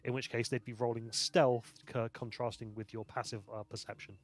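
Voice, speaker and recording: A man running a tabletop game as game master, narrating with halting restarts. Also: medium pitch, flat delivery.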